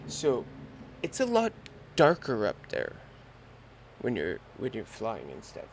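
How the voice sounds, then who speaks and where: A young man hosting a podcast, telling a story in a lively, slangy and profane way. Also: mid-range voice, slow, a little hiss or hum. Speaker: podcast host. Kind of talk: casual storytelling.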